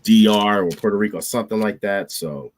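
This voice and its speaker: A man's voice: fairly low pitch, a little fast, no room sound. A man hosting a podcast in casual chat, with a sick, wheezy voice and a slangy, laid-back way of talking. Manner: laid-back, slangy, lots of "you know what I'm saying". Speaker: podcast host.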